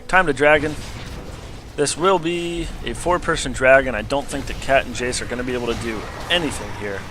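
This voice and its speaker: A young man casually commentating a replay of his own match, getting excitable at big plays. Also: mid-range voice, brisk, background noise. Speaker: gameplay commentator.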